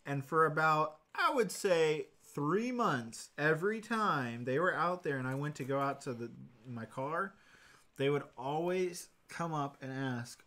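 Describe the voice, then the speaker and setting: A man's voice: fairly high pitch, animated, unhurried, bright, forceful tone. A man in his twenties hosting a livestream, telling a rambling story with lots of fillers. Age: 20s. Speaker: livestream host. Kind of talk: casual livestream chat.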